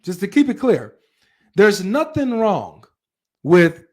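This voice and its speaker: A man hosting a live reaction stream, reading chat and talking straight to his viewers in an animated way. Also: high voice, takes it slowly. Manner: animated, talks straight to viewers with frequent asides.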